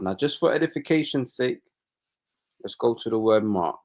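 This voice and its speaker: A man's voice: medium pitch, expressive, normal speed, darkish tone. A man co-hosting a religious discussion, reading scripture aloud in a preachy way and tossing in "you know" and "man".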